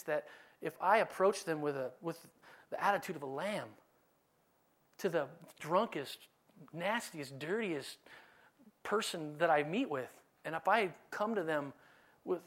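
A man preaching a sermon in a conversational, animated way, now and then dropping to a soft, low delivery. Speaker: pastor.

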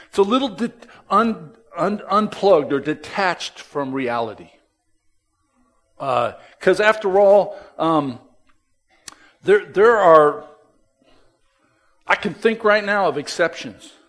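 Male pastor, sermon delivery, slightly higher voice, unhurried and emphatic, talks straight to his congregation. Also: animated. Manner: emphatic, swings between loud stresses and soft drops; conversational, with restarts and asides to the congregation.

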